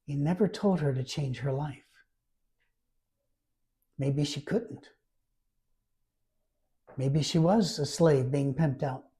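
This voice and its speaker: Mellow-voiced man preaching conversationally. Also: fairly high pitch. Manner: emphatic, repeats key phrases. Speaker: preacher and Bible storyteller. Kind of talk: conversational sermon.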